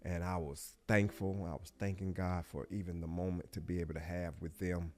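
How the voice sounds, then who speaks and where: Low-voiced man telling a heartfelt story. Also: level tone. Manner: heartfelt, reflective, often hushed and halting. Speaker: guest. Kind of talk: personal storytelling interview.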